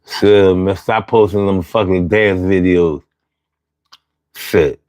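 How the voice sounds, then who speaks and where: A man hosting a call-in talk show in AAVE, animated and joking with plenty of profanity. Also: deep voice, slow pace, no room sound, clean studio sound.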